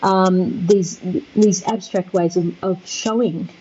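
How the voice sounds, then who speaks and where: A woman talks through a literature lecture over slides, with a mellow, dark tone. She speaks in a chatty, halting way, full of fillers and restarts. The recording is dull and lo-fi, with a faint hiss behind her. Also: medium pitch, steady tone. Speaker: literature teacher.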